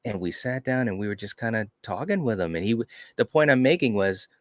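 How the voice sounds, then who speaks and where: Very deep-voiced man telling convention stories. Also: expressive, brisk, no room sound, clean studio sound. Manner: enthusiastic storytelling, frequent "you know". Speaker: podcast co-host. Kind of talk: casual chat.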